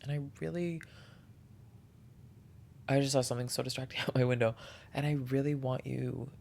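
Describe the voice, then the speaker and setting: Earnest man with a gravelly voice. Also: medium pitch, steady tone, normal speed, darkish tone, a little hiss or hum. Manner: earnest, heartfelt, encouraging. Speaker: podcast host. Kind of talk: reflective solo podcast monologue.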